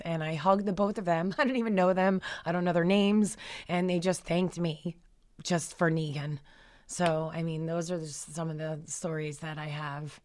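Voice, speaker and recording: A woman's voice: on the low side, steady tone, moderate pace, darkish tone. A middle-aged woman, founder of a therapy dog group, telling emotional, rambling stories in a radio interview with many fillers.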